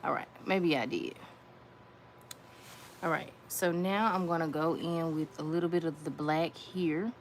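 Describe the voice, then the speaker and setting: A woman's voice: low-pitched, fairly even intonation, a little slow. A woman giving a casual nail art tutorial, chatty, repeating her phrases and talking to viewers as y'all. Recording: faint background noise.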